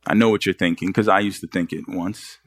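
A man's voice: sits low, steady tone, brisk, a bit bright, dry recording, studio quality. A man preaching a sermon as pastor, pressing the congregation with earnest rhetorical questions.

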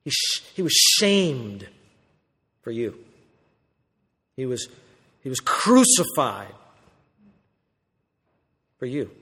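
A man preaching a sermon as pastor, asking rhetorical questions and acting out quoted voices with lively swings from loud to hushed. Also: medium pitch, drawn-out words, long pauses, breathy edge. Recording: long reverb of a church hall.

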